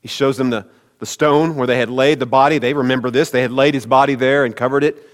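A pastor delivers a sermon in a conversational style, addressing his congregation directly. His mid-range voice is steady and fast, and a long hall reverb surrounds it.

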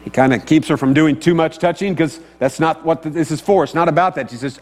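A man's voice: fairly high pitch, fairly quick, hardly any pauses. A man preaching a sermon in a conversational way, often asking his listeners questions. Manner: conversational, asks the audience questions. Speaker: pastor. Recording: long hall reverb, faint mains hum.

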